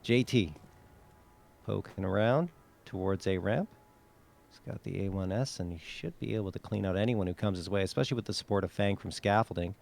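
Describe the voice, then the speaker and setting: Gravelly-voiced male esports analyst. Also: deep voice, a little mellow. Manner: measured, analytical, laughs easily. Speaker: esports color commentator. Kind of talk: analytical color commentary.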